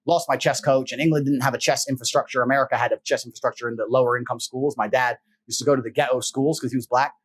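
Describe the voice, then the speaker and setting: Fast-talking husky man, blunt. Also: mid-range voice, fairly even intonation. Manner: blunt, profane, forceful. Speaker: interview guest. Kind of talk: emphatic motivational talk.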